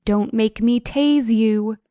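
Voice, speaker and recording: A woman's voice: on the high side, slow, dark tone, no echo, studio quality. A woman voicing a bossy, determined young woman friend in an audiobook, insistent and commanding.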